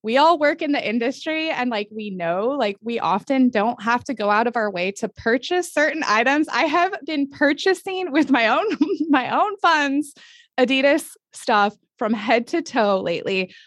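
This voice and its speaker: A woman hosting a podcast interview, gushing and enthusiastic, talking in quick bursts with frequent laughs. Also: high voice, animated, a bit bright, no echo. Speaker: podcast host. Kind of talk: upbeat casual interview.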